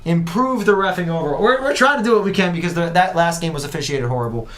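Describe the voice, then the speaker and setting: A man's voice: a little high, animated, quick pace, fairly bright tone. A man hosting a casual podcast, talking bluntly and steering the segments. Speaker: podcast host.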